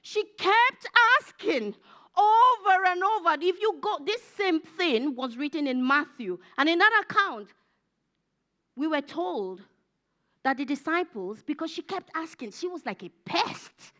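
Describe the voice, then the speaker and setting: A woman's voice: high-pitched, lively intonation, measured pace, pushed and bright. A woman preacher delivering an emphatic church sermon, repeating phrases and building to fervent peaks.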